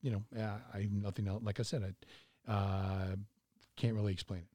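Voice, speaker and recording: A middle-aged man telling a story in a measured, casual way, with frequent fillers. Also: lowish voice, little pitch movement, dark tone, no echo.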